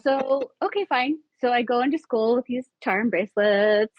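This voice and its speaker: A woman guest on a podcast telling a story in a casual, animated way, jumping up in pitch when she acts out what people said and swearing now and then. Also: normal speed, dry recording. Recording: dull lo-fi recording.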